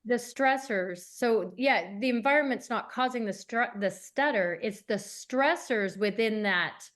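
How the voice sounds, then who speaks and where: Woman, podcast host, affirming, echoes key points, slightly high voice. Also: a little slow. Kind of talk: podcast interview.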